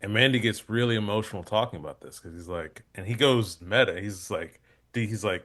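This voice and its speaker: A man appearing as a guest comedian on a podcast, telling stories in a rambling, animated way with many fillers. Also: sits low, normal speed. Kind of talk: casual chat.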